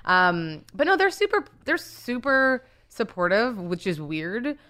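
A woman's voice: on the high side, sing-song, a little slow, bright, forceful tone. Woman comic guest, chatty, laughs a lot, does little voices for her folks. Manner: laughing, storytelling with acted-out quotes. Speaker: guest comedian. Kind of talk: casual podcast chat.

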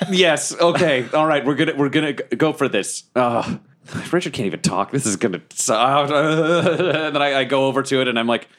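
A man playing a tabletop role-playing game, excitable and profane, often laughing as he describes his character's actions. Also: medium pitch, moderate pace. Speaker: player. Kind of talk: tabletop role-play, casual chat.

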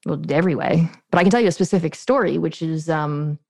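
A woman with a slightly low voice tells a story in a quick, chatty way. She is a podcast guest, easy and conversational. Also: gravelly, mellow, dry recording. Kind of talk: casual storytelling.

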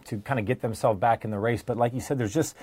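An easygoing man sits in as guest analyst on a sports show, talking loosely and joking with the host. His voice is of middling pitch. The studio sound is dry and close. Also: quick pace, slightly rough, no room sound. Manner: easygoing, relaxed banter. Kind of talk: casual sports talk.

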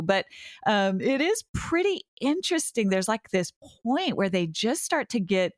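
A woman's voice: mid-range voice, very animated, unhurried, dry recording, studio quality. A middle-aged woman therapist speaking as a podcast guest, thoughtful, with frequent restarts and fillers. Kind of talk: conversational podcast interview.

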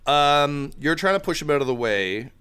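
A man narrating as game master of a tabletop game, with halting speech full of fillers. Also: on the high side, big pitch swings, bright, forceful tone, clear, resonant tone.

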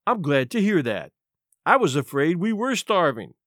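A man voicing a shabby, down-and-out gentleman who speaks quietly and wryly, with sighs, in a storybook reading. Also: fairly high pitch, big pitch swings, moderate pace, no echo, studio quality. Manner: quiet, sighing, wry.

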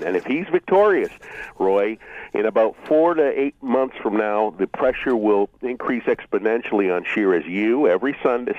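A man calling in to a talk radio show, speaking passionately and exhorting loudly. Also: lowish voice, no echo. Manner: impassioned, exhorting, rising to shouts. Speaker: caller. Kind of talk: phone-in radio call. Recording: muffled phone line.

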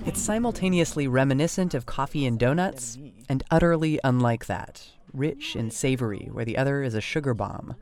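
A man hosting a podcast, telling the story in measured, descriptive scripted narration. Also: mid-range voice, animated, a little mellow.

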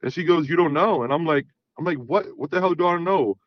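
Calling in to a talk show, this thirtysomething man tells a drawn-out, laid-back story, wandering off track and repeating phrases such as "you know what I mean." He speaks fairly quickly in a fairly high voice. The audio is dry, with the high frequencies cut off.

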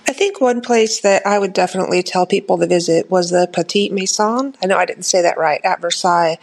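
A woman's voice: lowish voice, fairly even intonation, quick pace, gravelly. A woman sharing a travel recommendation in a reflective, thinking-aloud way. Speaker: listener guest.

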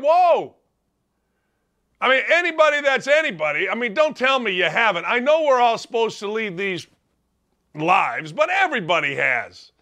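Fired-up high-voiced male radio host. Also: sharp tone. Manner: fired-up, ranting with rhetorical questions. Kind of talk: opinionated talk radio monologue.

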